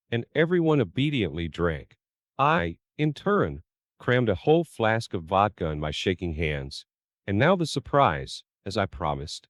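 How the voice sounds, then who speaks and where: Low, lively male storyteller voice. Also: moderate pace, no room sound, studio quality. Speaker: narrator. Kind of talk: first-person story narration.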